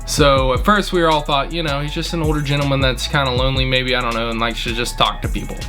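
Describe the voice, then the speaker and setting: A man's voice: mid-range voice, steady tone, quick pace, over music. A young man, a restaurant manager, telling a story in a blunt, indignant, casual way and swearing freely.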